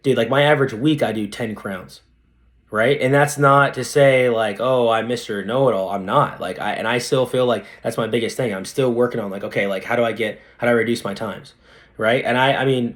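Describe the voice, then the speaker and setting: A young man with a mid-range, brisk voice chats casually as a dentist guest on a podcast. He's animated and slangy, saying "dude" a lot throughout the interview.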